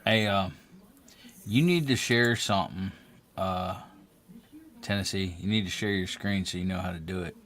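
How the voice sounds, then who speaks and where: Man, stream host, fairly low pitch, casual, joking, plain-spoken. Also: moderate pace, pauses often, fairly bright tone. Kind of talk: casual chat.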